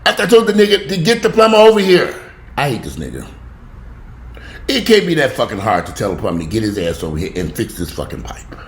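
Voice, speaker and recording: Man, heated profane home rant, very animated pitch, echoey room with faint background hum. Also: quick pace. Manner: heated, swearing, pitch jumping up when outraged. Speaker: vlogger.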